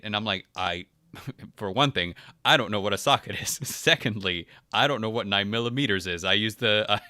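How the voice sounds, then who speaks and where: A man's voice: fairly low pitch, fairly quick, no echo. An American man with a mid-range voice hosts a podcast in casual chat and laughs often. The recording is dry and close, with no room sound. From United States. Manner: laughs often, relaxed and friendly. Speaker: podcast host.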